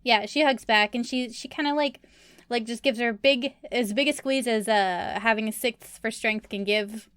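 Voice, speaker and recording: A woman player chats through a tabletop session in a lively, giggly way. Her voice sits high. The sound is close and dry. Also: normal speed, clean tone, no echo. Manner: animated, giggly. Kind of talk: tabletop game play.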